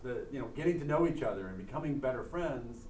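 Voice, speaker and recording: A man's voice: medium pitch, expressive, dark tone, a little hiss or hum. Earnest man in an echoey room. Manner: earnest, halting, many restarts. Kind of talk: casual faith conversation. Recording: echoey room, mic at a distance.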